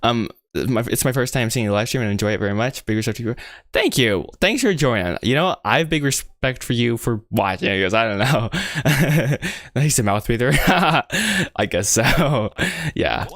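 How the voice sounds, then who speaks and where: The recording is dry, carrying a medium-pitched voice of a young man from the United States. Streaming while he animates, he rambles on casually and excitably, makes fun of himself, mouths out shapes, and leans heavily on "bro" and "guys."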